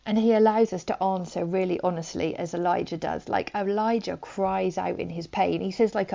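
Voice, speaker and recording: Woman preacher, low gravelly voice, soft chatty delivery, dull lo-fi sound. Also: fairly even intonation, moderate pace, few pauses. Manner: soft, conversational, many likes and ums. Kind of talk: gentle sermon. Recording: dull lo-fi recording.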